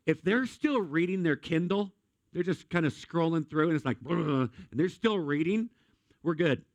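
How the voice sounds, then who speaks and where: A man preaching a sermon in a lively, conversational way, with jokes and acted-out asides. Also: fairly high pitch, normal speed, no room sound. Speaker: pastor.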